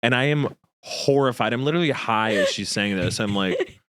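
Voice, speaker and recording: A man's voice: medium pitch, normal speed, fairly bright tone. A man in his thirties, a podcast host, telling a story in casual chat and acting out the dialogue. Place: podcast studio.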